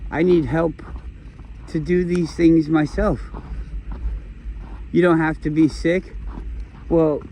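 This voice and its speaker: A man talking to the camera in a meandering, philosophical monologue, with lots of swearing, restarts and low muttered asides. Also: steady tone, takes it slowly, long pauses, mellow, slight background noise, rough recording. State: emotional, has been crying. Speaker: vlogger. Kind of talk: rambling personal monologue.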